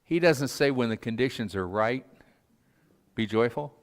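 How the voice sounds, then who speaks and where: A man's voice: mid-range voice, lively intonation, moderate pace. Folksy male preacher in a reverberant hall. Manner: folksy, self-deprecating, frequent fillers and chuckles. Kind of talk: sermon. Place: church sanctuary.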